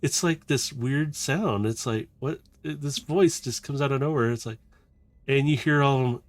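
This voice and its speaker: A man narrating a tabletop game as game master, slow and descriptive with frequent restarts. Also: mid-range voice.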